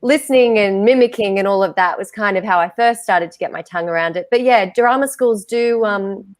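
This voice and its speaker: A woman's voice: medium pitch, fairly quick, no room sound, clean studio sound. A woman with an Australian accent, an actress answering in an earnest, thoughtful way. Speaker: actress in the film. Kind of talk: casual interview.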